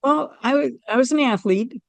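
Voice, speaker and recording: Gravelly-voiced woman telling a heartfelt story. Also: high voice, normal speed, no echo. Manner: earnest, animated storytelling with quoted dialogue and soft laughs; vivid, emotional retelling of a family loss. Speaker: guest sharing a near-death experience. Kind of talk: personal storytelling interview.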